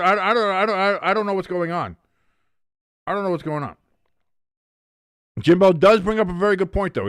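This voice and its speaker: A man streaming a casual watch-along, calling the plays live and reading chat aloud, who gets loud and stunned at big plays. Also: high-pitched, dry recording, studio quality. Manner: excitable, shouts in disbelief at big plays, reads chat aloud. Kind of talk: casual live play-by-play commentary.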